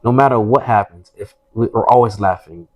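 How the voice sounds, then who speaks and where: A young man just out of high school, telling stories in an earnest, rambling casual chat. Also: a little fast, darkish tone, dry recording. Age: young adult. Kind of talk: casual storytelling.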